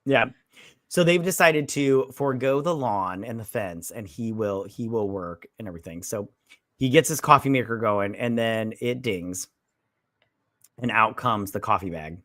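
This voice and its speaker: A man's voice: fairly low pitch, animated, moderate pace, a bit bright, no room sound, studio quality. A man co-hosting a casual movie review chat, rambling as he retells scenes and acts out quoted lines. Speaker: podcast co-host.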